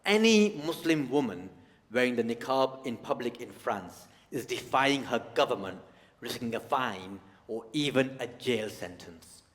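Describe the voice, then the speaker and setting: A man from the United Kingdom performs stand-up on a big theatre stage, his voice sitting in a middle register. He is animated and keeps breaking into shouted outbursts for comic effect. A long hall reverb trails each line. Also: mid-range voice, unhurried. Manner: animated, shifts to shouted outbursts for acted rants. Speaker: stand-up comedian. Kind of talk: live stand-up comedy. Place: large theatre stage with live audience.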